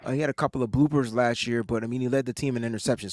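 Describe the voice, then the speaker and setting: A man's voice: medium pitch, steady tone, rapid-fire, hardly any pauses, a little mellow, no room sound, studio quality. A man co-hosting a casual sports podcast, joking and laughing as he teases the others. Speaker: podcast co-host. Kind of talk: casual chat.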